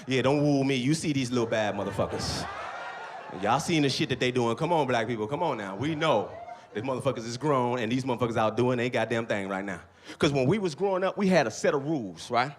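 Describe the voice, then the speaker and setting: A middle-aged man performs a stand-up comedy set on a club stage, telling stories loudly and animatedly while swearing constantly. His voice is mid-range and his pace brisk.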